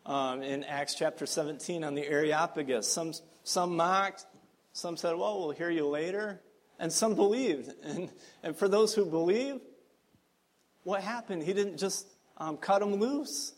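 A man preaching a sermon as pastor, earnest and emphatic, with frequent fillers. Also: fairly high pitch.

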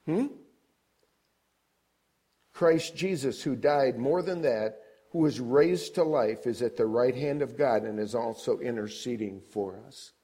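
A preacher, an older man with a middling male pitch, gives an unhurried sermon. He climbs high and loud to stress key points before sinking low and quiet, and he repeatedly asks the congregation questions.

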